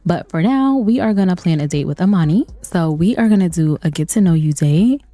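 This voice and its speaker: A woman's voice: on the low side, animated, fairly quick, warm tone, dry recording. A woman hosting a life-sim let's play, chatting and laughing with her viewers as she plays. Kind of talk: casual gameplay commentary.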